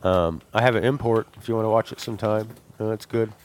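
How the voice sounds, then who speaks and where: A man's voice: on the low side, steady tone, fast talker, dry recording. A man hosting a podcast, chatting casually about movies in a rambling way and laughing often.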